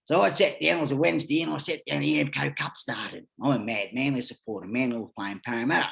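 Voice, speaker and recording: Talking fast in a creaky, mid-range voice, a middle-aged Australian man appears as a podcast guest. His casual stories ramble along energetically, and he swears constantly.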